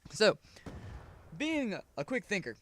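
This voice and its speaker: Young guy rambling a story over a game, voice jumps all over, kinda high. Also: unhurried. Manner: casual, animated, drops low and soft at the ends of lines. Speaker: gaming YouTuber.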